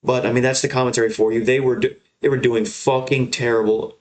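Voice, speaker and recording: A man's voice: mid-range voice, fairly even intonation, quick pace, few pauses. A young man hosting his own fight recap show, talking bluntly and swearing as he rants. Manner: blunt, profane, heated ranting. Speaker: MMA show host. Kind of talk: solo fight recap rant.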